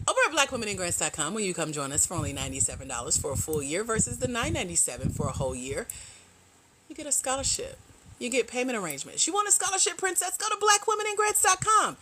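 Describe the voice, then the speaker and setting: A woman hosting a casual livestream as a grant coach, animated and slangy, teasing her viewers and laughing often. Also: a little high, fast, background noise.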